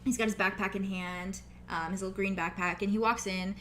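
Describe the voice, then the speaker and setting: A woman's voice: mid-range voice, steady tone, a little fast, fairly bright tone, slight background noise. A woman running a tabletop game as game master, narrating casually with lots of fillers, over a video call.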